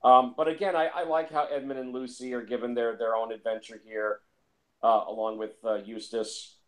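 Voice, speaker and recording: A man's voice: mid-range voice, level tone, normal speed. Rambling man reviewing films. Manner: rambling, repeats words, many fillers. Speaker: film reviewer. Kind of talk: casual film discussion.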